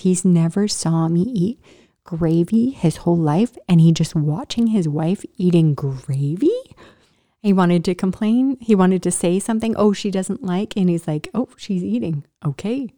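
A middle-aged woman tells her own story straight to camera with plenty of life, laughing often and sinking into a whisper to drive a point home. Her voice is dark and mellow rather than bright, and she sounds at ease the whole time. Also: on the low side. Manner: animated, laughing, drops into whispers for emphasis. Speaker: vlogger. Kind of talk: personal storytelling vlog.

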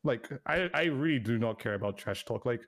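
A man's voice: medium pitch, expressive, fairly quick, gravelly, a bit bright. Rambling male podcast co-host. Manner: rambling, many fillers, laughs easily. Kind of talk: casual chat.

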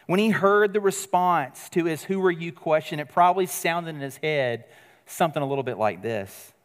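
Male pastor, earnest conversational sermon delivery, slightly raised pitch, reverberant hall sound. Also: normal speed, clear, resonant tone. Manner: earnest, conversational preaching with sudden drops to quiet emphasis.

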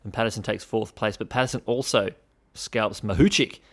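A man's voice: lowish voice, a little fast. Chatty, wry man podcasting. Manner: chatty, wry, swears casually, animated bursts. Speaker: podcast host. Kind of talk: casual sports commentary podcast.

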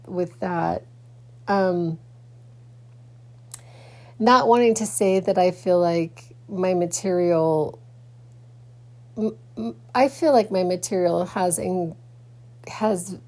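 A woman's voice: on the low side, warm tone. A woman podcaster talking in a casual personal vlog, rambling with many restarts and fillers, sleepy and yawning early in the morning.

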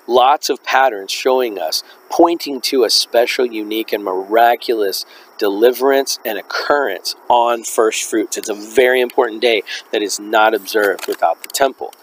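A man's voice: on the low side, a little hiss or hum, rough recording. A man hosting a religious teaching podcast, musing aloud, correcting himself and reading passages to listeners. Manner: musing and self-correcting while teaching, reads quoted text aloud.

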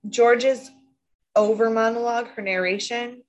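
A woman's voice: a little high, steady tone, measured pace. A woman co-hosting a podcast, recapping a TV episode in casual chat, thoughtful and often correcting herself mid-sentence. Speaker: podcast co-host.

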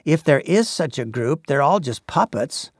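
A man preaching a sermon in an earnest, measured way, pausing often with "uh". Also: fairly high pitch, lively intonation, breathy edge, dry recording, clean studio sound. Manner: earnest, measured, with frequent "uh" pauses.

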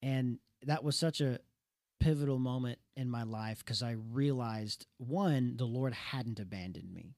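In a dry, close recording without room sound, a young man co-hosting a casual talk show shares a personal story at a measured pace. His middle-pitched voice is earnest and animated, and he trips over words and starts again as he goes.

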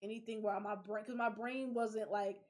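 A young adult woman hosting a podcast in casual chat, animated and profane, laughing often. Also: mid-range voice, brisk. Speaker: podcast host.

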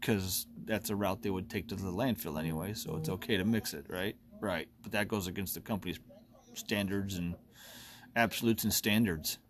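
A man's voice: sits low, moderate pace. A man in his forties hosting a solo podcast, ranting bluntly and with lots of profanity, often laughing at himself. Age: 40s. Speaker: podcast host.

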